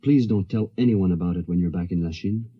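A man's voice: sits low, brisk, breathy edge, dull audio. A man voicing a cursed werewolf man, pleading. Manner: pleading, rising to anguished cries. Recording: fuzzy 1970s radio recording.

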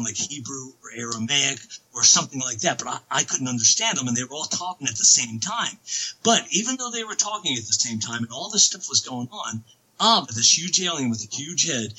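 A man telling a long personal story as an interview guest, excitable and rambling, full of restarts and asides. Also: mid-range voice, breathy edge, poor audio. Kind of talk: casual storytelling on a podcast.

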